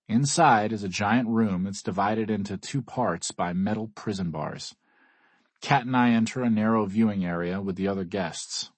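A man narrating a first-person audiobook in a measured, grave manner, husky, on a close mic. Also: lowish voice, dry recording.

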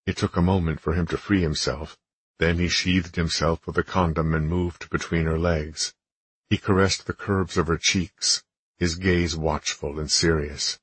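A man narrating a romance audiobook in a steady, measured reading. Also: low voice, husky, no room sound. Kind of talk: scripted narration.

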